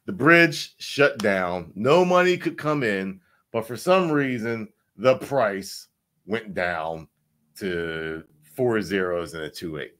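Animated man breaking down charts. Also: slow. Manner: animated, repetitive, swears, sweeps between loud and low. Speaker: crypto chart analyst.

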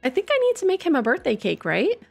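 A young woman casually commenting on a life-sim game she plays, her voice hoarse and congested, breaking into loud squeals of alarm now and then. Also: sits high, wildly swooping pitch, fast talker. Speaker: gaming streamer. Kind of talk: casual let's-play commentary. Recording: faint game music behind.

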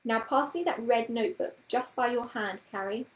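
A woman voicing a prim, brisk middle-aged amateur witch who scolds in a crisp, bossy way, in a storybook reading. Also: fairly high pitch, natural voice. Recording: roomy echoing room.

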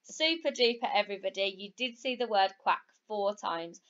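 A woman teaching a phonics lesson to young children, sounding out each letter slowly and blending words, with upbeat praise. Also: medium pitch. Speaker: primary school teacher. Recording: slightly dull, lo-fi recording.

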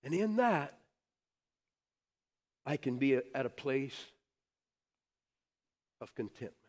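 A middle-aged man preaching a sermon as pastor, telling stories with animated emphasis that drops to soft, quiet phrases. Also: mid-range voice, takes it slowly. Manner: animated storytelling, swings from loud emphasis to soft near-whispers. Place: church sanctuary. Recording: long hall reverb.

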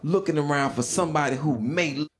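A man's voice: a little high, fast. Laid-back man telling a prison story. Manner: laid-back drawl, acts out voices, laughs at own lines. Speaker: stand-up comedian. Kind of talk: stand-up storytelling over animation.

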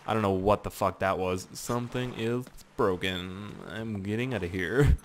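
Profane, excitable gaming man. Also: fairly low pitch, moderate pace, slight background noise. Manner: profane, excitable, rambling self-talk. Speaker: gaming YouTuber. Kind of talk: casual gameplay commentary.

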